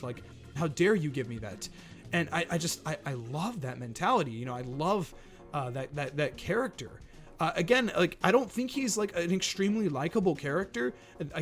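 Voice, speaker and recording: Brief: keen male anime reviewer, slightly high-pitched voice, casual talk over faint background music. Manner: enthusiastic, thinking aloud. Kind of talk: casual video commentary.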